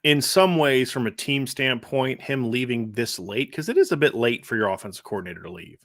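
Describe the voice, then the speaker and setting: A man talks football on a casual podcast, blunt and opinionated, often restarting his sentences. His voice sits at a middle pitch. The sound is dry and close, with no room around it. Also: expressive, a little fast, fairly bright tone, dry recording. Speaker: football analyst host. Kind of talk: casual sports podcast chat.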